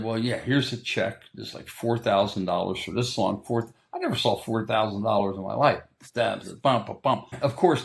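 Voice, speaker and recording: An older man, a guest in an interview, telling a story in a casual, animated way and acting out what other people said. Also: medium pitch, gravelly.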